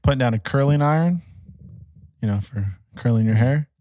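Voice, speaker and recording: A man's voice: mid-range voice, animated, moderate pace, dark tone, no room sound, studio quality. A young man co-hosting a casual podcast, playful and acting out little scenes as he chats. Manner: playful, acts out little scenes in silly voices. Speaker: podcast co-host. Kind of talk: casual chat.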